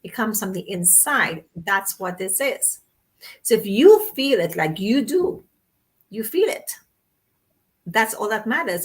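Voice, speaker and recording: A chatty woman host with a Trinidadian accent, animated and full of stories. She laughs easily and keeps the conversation rolling. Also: medium pitch. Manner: animated, chatty storyteller who laughs often. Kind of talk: casual chat.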